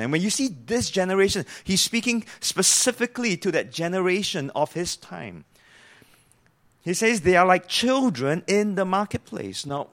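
High-voiced male preacher. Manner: earnest, explanatory, asks the listeners questions. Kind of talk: sermon.

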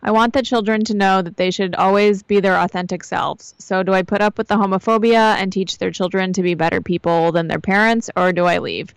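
A woman's voice: medium pitch, steady tone, fairly quick, creaky, hardly any pauses, clean tone, dry recording. A woman co-hosting a casual podcast, chatting and reading a listener's letter aloud with small asides. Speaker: podcast co-host.

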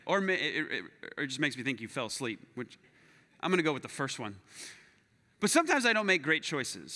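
A man preaching as a pastor, telling a personal story with self-deprecating humor and acting it out with lively voices. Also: a little high. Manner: animated, acts out his own story with self-deprecating humor. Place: church sanctuary. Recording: long hall reverb.

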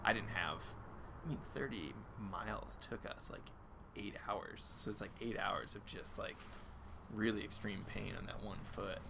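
Male guest, low gravelly voice, relaxed casual talker, noisy room. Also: a little slow. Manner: relaxed, filler-heavy, animated when quoting. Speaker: filmmaker guest. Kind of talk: casual podcast chat.

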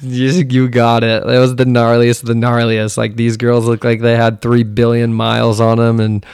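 A man's voice: medium pitch, completely flat delivery, normal speed, darkish tone, smooth, dry recording, studio quality. A young man hosting a podcast, telling a rambling, profane story in casual chat. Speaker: podcast host.

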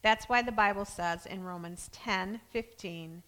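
Woman preaching with a bright voice in a reverberant hall. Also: medium pitch, unhurried, few pauses. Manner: earnest, reads scripture aloud with emphasis. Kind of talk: sermon.

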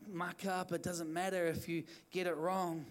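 A man's voice: high voice, flat delivery, moderate pace. A man preaching an evening church sermon, urging the listeners on in fervent, repetitive phrases. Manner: fervent, repetitive exhortation with restarts. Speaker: pastor.

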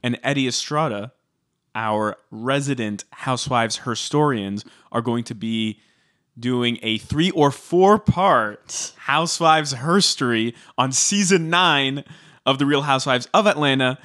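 A man's voice: medium pitch, measured pace, a bit bright. A man co-hosting a podcast in casual chat, conversational and plugging the show. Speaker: podcast co-host.

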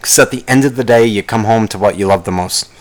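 Profane rambling young man ranting. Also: quick pace. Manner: profane, rambling, jumps into mocking high-pitched impressions. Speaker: vlogger. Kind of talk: casual rant to camera.

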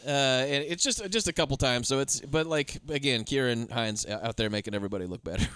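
A man's voice: medium pitch, fast, fairly bright tone, clean tone. A man co-hosting a podcast, joking about movies and slipping into silly voices. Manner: jokey, slips into silly voices. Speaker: podcast co-host. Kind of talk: casual movie chat.

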